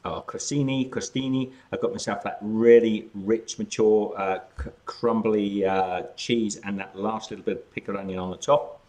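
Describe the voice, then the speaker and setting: A man's voice: lowish voice, fairly even intonation, normal speed, hardly any pauses, a little mellow. An outgoing Australian man hosting a casual live chat, talking while snacking. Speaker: cooking channel host.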